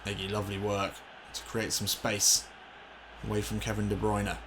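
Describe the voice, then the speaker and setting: A man commentating on his own football video game session, excitable and swearing, shouting when things go wrong. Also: fairly low pitch, moderate pace, background noise. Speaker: gaming commentator.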